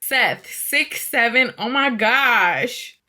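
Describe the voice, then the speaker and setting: A woman's voice: a little high, expressive, extremely slow, pushed and bright. A young woman hosting her channel, chatting playfully and laughing often as she reacts. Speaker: YouTuber. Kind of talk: casual vlog chat.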